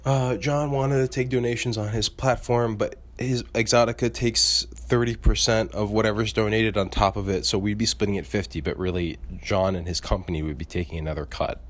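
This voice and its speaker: A man's voice: on the low side, steady tone, fairly quick, few pauses. A man who co-hosts a podcast, venting in a casual, rambling monologue that is full of swearing and filler words. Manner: rambling and profane, heavy use of filler "like". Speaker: podcast co-host.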